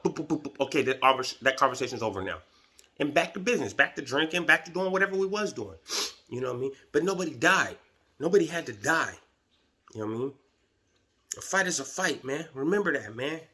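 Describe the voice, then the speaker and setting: A man's voice: a little high, sharp tone. A middle-aged man from Sacramento telling a prison story on his video blog in casual street slang, checking in with "right?" and "man" as he goes. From Sacramento, California. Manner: acts out the people in his stories. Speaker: vlogger telling prison stories.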